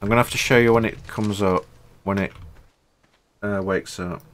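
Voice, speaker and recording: A man from Britain on a live game stream, chatting and answering viewers' questions between pauses. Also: on the low side, steady tone, a bit bright. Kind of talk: live gameplay stream, reading chat.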